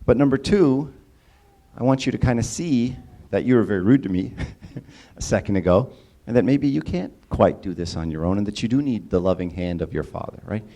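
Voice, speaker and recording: Casual church speaker, a man with a mellow, dark voice who keeps tossing questions to the room. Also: lowish voice, animated, fairly quick. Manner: casual, engages audience with questions and repeated "right?". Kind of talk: conversational sermon talk.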